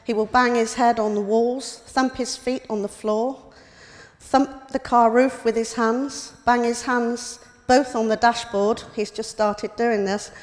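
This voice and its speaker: A woman's voice: fairly high pitch, fairly even intonation, a little slow. A middle-aged woman giving a prepared personal talk as a carer, in a plain, matter-of-fact way. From United Kingdom. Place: hospital lecture room. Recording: reverberant hall.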